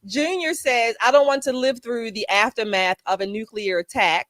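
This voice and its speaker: A woman hosting a casual political panel show, chatty and quick to laugh, calling on guests by name. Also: a little high, fairly bright tone, dry recording, clean studio sound. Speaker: show host.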